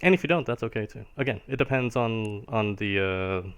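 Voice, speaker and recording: A man's voice: lowish voice, fairly quick, a bit bright, clean tone. A man teaching piano on a live stream, explaining ideas patiently and checking in with a constant questioning "right?" as he goes. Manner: explains patiently, ends nearly every phrase with a questioning "right?". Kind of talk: live-streamed music lesson.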